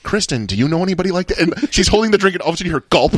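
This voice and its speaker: A man hosting a casual podcast chat, telling stories quickly and acting out the dialogue. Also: sits high, lively intonation, slight background noise. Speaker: podcast host.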